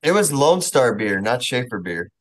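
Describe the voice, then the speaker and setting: A man's voice: mid-range voice, sing-song, normal speed. A man, a military veteran, casually swapping profane stories about his band days. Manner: laid-back, profane. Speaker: veteran guest. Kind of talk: casual storytelling.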